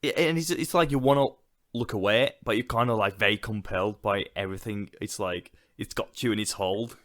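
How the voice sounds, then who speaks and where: A man's voice: on the low side, fairly quick, a bit bright. A man co-hosting a casual podcast conversation, speaking loosely with lots of fillers. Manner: loose and conversational, full of "like" and "yeah". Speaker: podcast co-host. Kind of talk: casual chat about a film.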